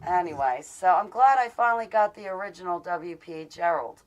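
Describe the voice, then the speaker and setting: A woman's voice: on the low side, expressive, a little fast, rough recording. A woman hosting a casual live video-call show, talking in an affectionate, rambling way with many fillers. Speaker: host of an online show. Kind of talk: casual live-stream chat.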